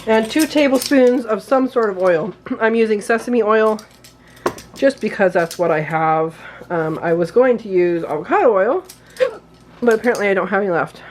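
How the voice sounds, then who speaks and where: A woman talks through a recipe in her home kitchen, chatty and easygoing, with the occasional hiccup breaking in. Her voice sits at an everyday middle pitch, and faint noise hums behind her. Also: lively intonation, moderate pace. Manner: chatty, talks while working, apologizes for hiccups. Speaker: home cooking channel host. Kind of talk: casual cooking demonstration.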